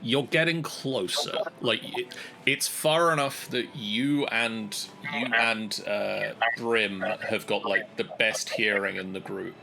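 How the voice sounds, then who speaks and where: A man narrating a tabletop game as game master, unhurried and gently amused. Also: lowish voice, creaky, over music, rough recording.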